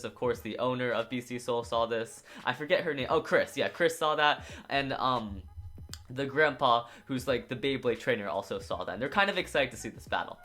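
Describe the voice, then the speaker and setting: A man's voice: a little high, fairly bright tone. A man casually recapping and reviewing an anime episode, rambling with lots of filler words.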